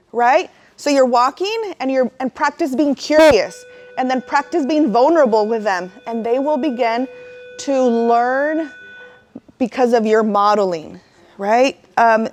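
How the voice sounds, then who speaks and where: Chatty woman, somewhat high voice. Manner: conversational, repeats "right?", emotional asides. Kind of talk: casual talk to parents.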